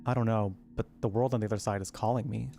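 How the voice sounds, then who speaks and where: A man's voice: on the low side, steady tone, fast, vocal fry, dark tone, soft background music. A man from Arizona chatting casually while he plays a game, rambling and cooing at his cat now and then. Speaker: gaming streamer.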